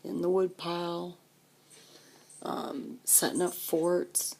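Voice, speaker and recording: A woman in her fifties reminisces about her childhood, animated and chatty, acting out other people's voices as she goes. Her speaking voice is low, with a gravelly, husky texture. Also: takes it slowly. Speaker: storyteller recalling her childhood. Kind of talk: personal storytelling.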